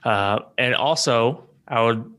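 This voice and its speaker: A man's voice: mid-range voice, slow pace, a bit bright. A man co-hosting a video game podcast, chatting casually with lots of restarts. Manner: rambling, with many restarts and fillers. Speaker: podcast co-host. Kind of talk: casual chat about video games.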